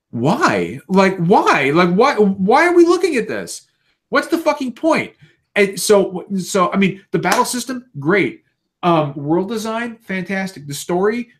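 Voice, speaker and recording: Animated swearing man ranting. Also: fairly high pitch. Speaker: podcast co-host. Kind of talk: casual chat.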